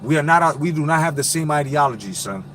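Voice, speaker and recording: A blunt, profane man in his thirties runs a casual live stream in streetwise slang, his voice pitched a little high. Faint street noise hums behind him, as if he were speaking into a phone outdoors. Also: lively intonation, a little fast, fairly bright tone. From Puerto Rican heritage. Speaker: boxing live-stream host.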